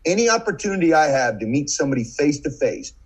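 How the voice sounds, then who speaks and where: A man's voice: on the high side, very animated, fast talker, husky, low-quality recording. Middle-aged American man spinning a vivid anecdote. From United States. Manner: vivid anecdotal storyteller, acts out quoted lines. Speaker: podcast guest, former FBI agent. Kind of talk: storytelling in conversation.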